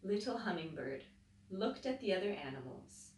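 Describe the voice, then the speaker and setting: A woman teacher reading a picture book aloud to children, pausing to explain things as she goes. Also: medium pitch, a little hiss or hum. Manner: slow, expressive storytelling with explanatory asides. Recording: roomy echo, voice from a distance.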